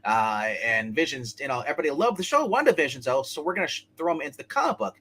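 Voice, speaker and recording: A man co-hosting a live comic book chat, talking in a quick, rambling, joking way. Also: on the high side, big pitch swings, sharp tone. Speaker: co-host. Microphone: live stream setup.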